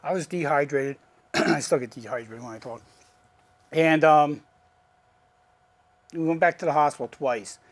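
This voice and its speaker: A man's voice: fairly high pitch, a little slow, long pauses. A man casually telling a personal story, acting out the voices of the people in it. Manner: animated, acts out quoted dialogue. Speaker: guest.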